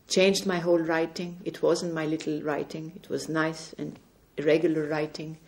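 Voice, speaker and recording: Earnest woman speaker, soft dark tone, recounting faith experiences at home. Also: low voice. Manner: earnest, gently recounting conversations. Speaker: religious speaker. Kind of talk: spiritual testimony talk. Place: indoors at home.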